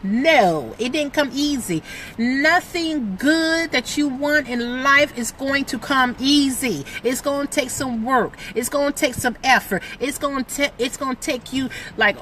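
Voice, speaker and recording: Bright-voiced excitable motivational woman. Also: high-pitched, measured pace, slight background noise. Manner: excitable, emphatic, preachy, lots of "like". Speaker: motivational vlogger. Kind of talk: motivational talk to camera.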